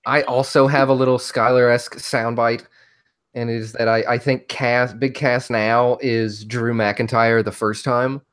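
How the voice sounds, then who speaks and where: A man's voice: mid-range voice, flat delivery, a little slow, a bit bright, clean tone. Chill podcast host guy, mid voice, keeps the chat moving. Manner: easygoing, leads the segments. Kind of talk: casual chat.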